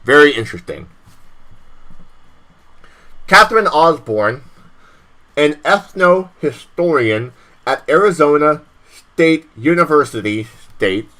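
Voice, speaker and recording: Young guy streaming, cusses a lot, says stuff twice, bright forceful voice. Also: on the high side, expressive, slow, pauses often, poor audio. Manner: profane, repeats himself, stumbles over words. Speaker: stream host. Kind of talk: heated political rant and reading aloud.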